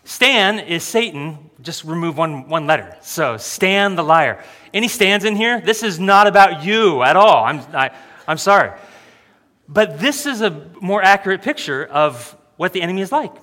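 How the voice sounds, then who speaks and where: Joking preacher in a reverberant hall. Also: male voice, sits high, lively intonation, normal speed, bright, forceful tone. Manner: joking, self-deprecating, laughs often. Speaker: pastor. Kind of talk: sermon.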